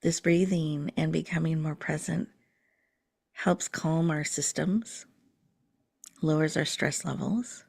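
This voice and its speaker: A woman host leading a slow, soothing guided breathing meditation, sometimes dropping to a whisper. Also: low-pitched, fairly even intonation, gravelly, darkish tone, breathy edge.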